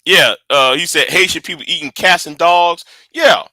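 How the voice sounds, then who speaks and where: A man giving casual political commentary on a call, halting and restarting his sentences often. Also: a little high, sharp tone, dry recording. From United States. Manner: halting, many repeats and restarts.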